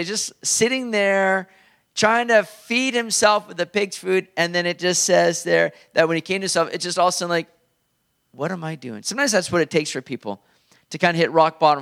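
Earnest preacher, slightly high voice. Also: male voice, a bit bright. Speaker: pastor. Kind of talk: sermon.

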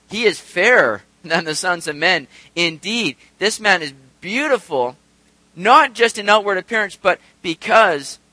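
A man delivers a sermon in a high, lively voice that climbs and falls as he asks rhetorical questions and briefly acts out the people he quotes. His tone is bright and forceful. The sound is dry and close. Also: no room sound, low-quality recording. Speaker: pastor.

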